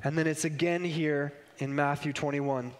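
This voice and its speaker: High-voiced man preaching in a hall. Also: steady tone, normal speed. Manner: emphatic, rhetorical questions. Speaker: pastor. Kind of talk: sermon. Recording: long reverb in a large hall.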